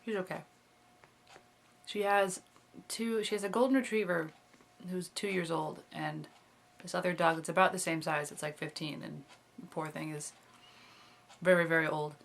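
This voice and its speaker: A woman's voice: on the low side, steady tone, moderate pace, gravelly, long pauses. A woman in her twenties chatting casually in a video diary, rambling with lots of fillers and little laughs. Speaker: vlogger.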